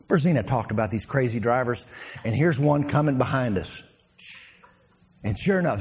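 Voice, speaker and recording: A lively male preacher with a wide, swinging pitch, telling football stories to a church crowd. He drops low and quiet for the serious points, then climbs high and loud for the punchlines, often laughing as he goes. A faint room ambience sits behind him in a live church recording. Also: a little fast, creaky, slight background noise. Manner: storytelling, animated, laughs, shouts punchlines. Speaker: guest speaker, former pro football player. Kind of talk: testimony sermon to a congregation.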